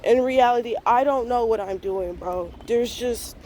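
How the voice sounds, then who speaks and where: A woman in her twenties vlogging a frank, profane morning rant to her viewers, full of slang and talking things through out loud. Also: on the high side, a little slow, slight background noise. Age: 20s. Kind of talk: casual morning rant to camera.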